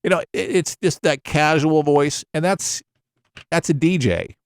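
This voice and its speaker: A man working as a voiceover coach, explaining the craft in a relaxed, conversational way with examples. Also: on the high side, a little slow, clean tone, no echo, clean studio sound. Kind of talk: casual instructional talk.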